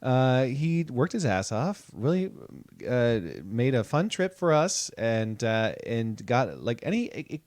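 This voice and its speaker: Lively, animated man podcaster. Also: mid-range voice, measured pace, no echo. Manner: animated storyteller, acts out reactions. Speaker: podcast co-host. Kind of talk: casual chat.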